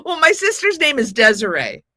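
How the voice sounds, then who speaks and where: A woman's voice: sits high, huge pitch swings, moderate pace, bright, forceful tone, no echo, studio quality. A woman in her forties telling a long personal story as a podcast guest, rambling and acting out what people said. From Mexican heritage. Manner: rambling anecdotal storyteller, acts out quotes. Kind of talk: casual storytelling chat.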